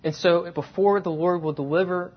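A man preaching a sermon, telling a personal story and slowing down to stress key words. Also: sits high, fairly even intonation. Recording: dull lo-fi sound.

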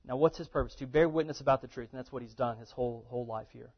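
A man's voice: medium pitch, fast, slightly rough. Man teaching scripture, lo-fi. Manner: conversational, asks questions then answers them. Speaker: Bible teacher. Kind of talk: casual lecture on scripture.

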